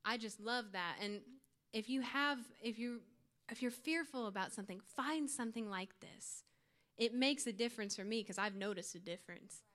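A woman's voice: fairly high pitch, normal speed, a bit bright. A young woman giving an earnest, informal youth sermon to her church group, with light laughs. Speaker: youth speaker.

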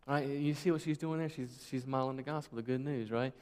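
A man's voice: medium pitch, fast talker, a little mellow. A man in his thirties preaching a sermon, conversational and emphatic, with many rhetorical questions. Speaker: pastor. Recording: long reverb of a large hall.

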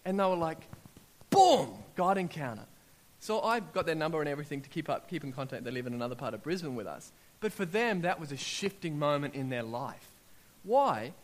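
This sermon comes from a middle-aged Australian man whose pitch is fairly high and whose pace is a little fast. He tells personal testimonies, acts out people's words, and climbs to loud, excited peaks.

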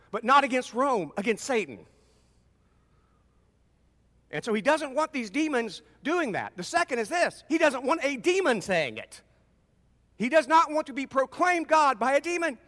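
A man preaching a conversational sermon as pastor in a church. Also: very high-pitched. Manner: animated, conversational preaching with acted-out voices. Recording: long reverb in a large hall.

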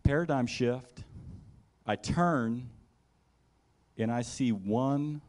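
A man's voice: mid-range voice, very slow. A man preaching a sermon in a conversational way. He acts out scenes in the first person as he tells them and adds asides like "right?". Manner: animated storytelling, acting out scenes in the first person.

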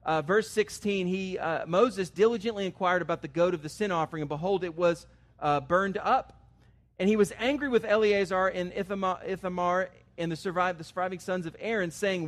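A man's voice: high voice, a little fast. A man preaching a sermon as pastor, earnest and conversational, rising to emphatic stresses on key words. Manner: conversational asides with fillers.

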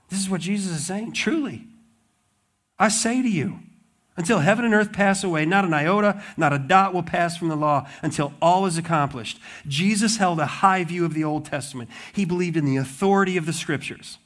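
A man's voice: fairly high pitch, a little fast. A man preaching a sermon, telling the story with animation and acting out the lines of the people in it. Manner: animated storytelling, acts out voices of the disciples. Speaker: pastor.

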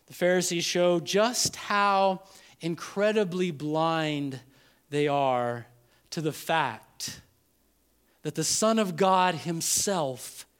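A man preaching as pastor, his voice pitched high for a man. He tells a Bible story with energy and acts out the people in it. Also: smooth. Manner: animated, acts out quoted voices. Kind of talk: sermon.

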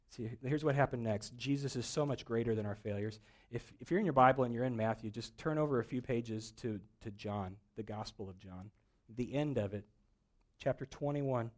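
A man preaching a sermon, telling a story with acted-out dialogue and swings between loud emphasis and quiet moments. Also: mid-range voice, moderate pace. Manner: storytelling preacher, acts out dialogue, rising and falling intensity. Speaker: pastor.

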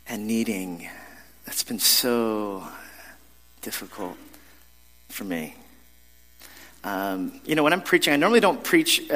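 A man's voice: medium pitch, fairly bright tone. A man preaching a sermon as pastor, in a conversational, self-deprecating storytelling manner with frequent restarts. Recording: long reverb of a large hall.

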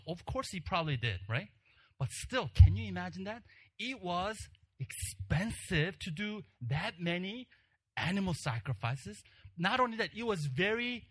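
Man, preacher, fairly high-pitched, animated storytelling, hushed emphasis. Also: normal speed, breathy edge. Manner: animated storytelling, acting out the crowd's shouts. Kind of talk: sermon with personal story.

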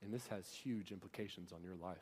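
A man's voice: deep voice, a little fast, darkish tone, slightly rough. A young man preaching a sermon in a church, earnest and pressing his listeners with rhetorical questions. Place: church hall. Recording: long hall reverb.

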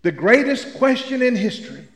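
Speaking at a normal pace with a sing-song lilt, an older Memphis preacher fills his sermon with folksy, funny stories. His voice is high for a man, and a long reverb rings through the church sanctuary.

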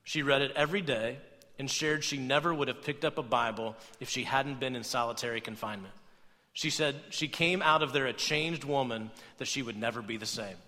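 A man's voice: mid-range voice, a little fast, in a large hall. A young adult man preaching a conversational sermon, often checking in with "right?". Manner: conversational, animated, tags points with "right?". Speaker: pastor.

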